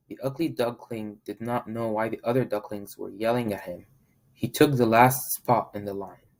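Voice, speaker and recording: A man reading a children's picture book aloud as a volunteer, in a friendly, steady manner. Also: lowish voice. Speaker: volunteer storybook reader.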